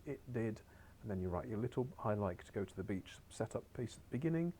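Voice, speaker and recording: A man's voice: fairly low pitch, vocal fry, dark tone, a little hiss or hum. A man teaching a beginners' Spanish lesson on a recorded screen share, chatty and encouraging with wry asides.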